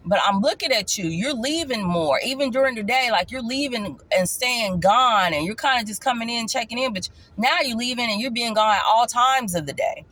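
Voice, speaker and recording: Woman vlogger, casual storytime, emphatic, repeats herself, jumps up in pitch to stress a point. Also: lively intonation, moderate pace, hardly any pauses, a bit bright. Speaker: vlogger telling her life story.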